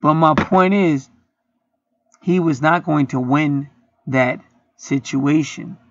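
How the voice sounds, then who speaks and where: High gravelly dude preaching off the cuff, aave, cussing a lot, dry dull recording. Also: male voice, slow, fairly bright tone, dry recording. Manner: profane, heated, rants and acts out quotes. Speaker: internet preacher. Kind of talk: street-style preaching monologue.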